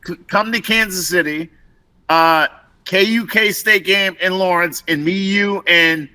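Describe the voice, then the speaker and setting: A man's voice: high voice, unhurried, sharp tone. A man co-hosting a podcast in casual chat, enthusiastic with hesitant fillers. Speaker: podcast co-host.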